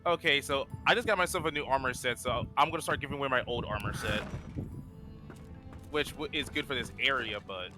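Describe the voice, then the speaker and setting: A man streaming a video game with friends, casually sorting and auctioning off gear and reading out item numbers with quick restarts. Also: mid-range voice, music in the background. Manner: organizing, auctioning items, lists numbers with restarts. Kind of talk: casual gaming chat.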